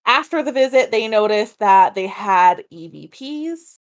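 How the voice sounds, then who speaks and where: A woman's voice: medium pitch, animated, measured pace. A woman in an easy podcast chat, working through a haunted-house case step by step. She talks loosely, drifts off on asides and breaks into laughter often. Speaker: podcast co-host telling a paranormal case. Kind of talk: casual storytelling chat.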